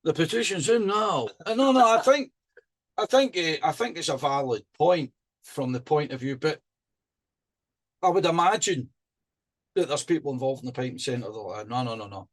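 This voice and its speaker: A man's voice: on the high side, normal speed, pauses often. A man co-hosting a podcast, talking in a chatty, rambling way with many restarts. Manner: chatty and rambling, with frequent restarts and lively rising emphasis. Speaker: podcast co-host. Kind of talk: casual chat.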